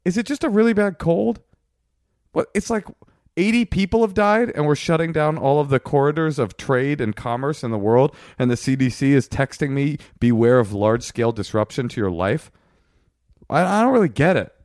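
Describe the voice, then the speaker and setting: A man's voice: medium pitch, a little fast, no room sound, studio quality. A man co-hosting a podcast, chatting casually and arguing playfully with his wife, sometimes mimicking her. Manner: argumentative, animated, mocking impressions of his wife. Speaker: podcast co-host. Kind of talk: casual chat.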